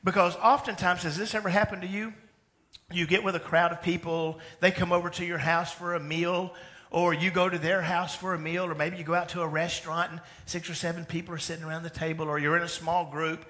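A male pastor preaching to his church with a lively, conversational delivery. His voice sits a little higher than most men's, and he slips into acted-out dialogue as he goes. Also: brisk. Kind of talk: sermon. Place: church sanctuary.

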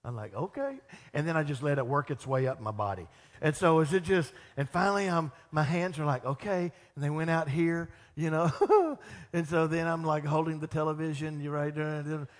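A middle-aged man preaching a sermon as pastor, animated and acting out the voices of people he quotes. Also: on the high side, a little fast. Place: church sanctuary. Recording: long church reverb.

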